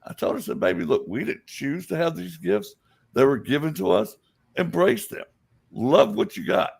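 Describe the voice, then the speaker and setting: A man's voice: fairly high pitch, normal speed, creaky, breathy edge. A man from Alabama, a psychic guest, telling stories in casual chat and acting out the voices he quotes. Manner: animated storyteller, acts out quoted voices.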